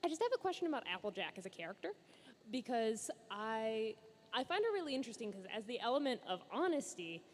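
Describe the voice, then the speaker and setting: An earnest woman asks a convention panel a question, hesitant and leaning on fillers. Her voice sits at a middle pitch. Long hall reverb and a faint noise sit behind her. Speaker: fan asking a question.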